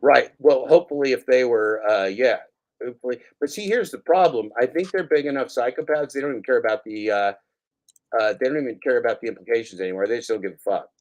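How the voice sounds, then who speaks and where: A man hosting a casual talk show, rambling and excitable, swearing often. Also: medium pitch, fast. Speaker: show host. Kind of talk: casual chat.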